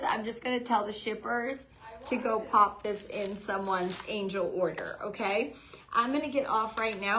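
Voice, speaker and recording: Hushed, gushing woman live-streamer. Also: mid-range voice, a little hiss or hum, rough recording. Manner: chatty and gushing, talks to viewers by name; hushed, half-whispering. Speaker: host of a live craft shopping stream. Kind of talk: casual live-stream chat.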